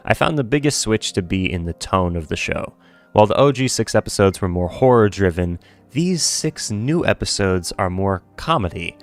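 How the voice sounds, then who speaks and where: A man talking through a video analysis of a show in a wry, joking and speculative way. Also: low-pitched. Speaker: commentary host.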